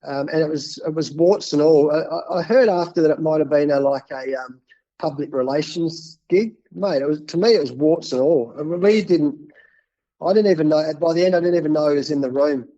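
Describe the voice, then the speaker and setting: Here a cricket coach, an Australian man in his fifties, recounts stories during an interview with easygoing animation and plenty of repeated words. The pitch runs somewhat high, the pace a bit fast, and the audio is lo-fi.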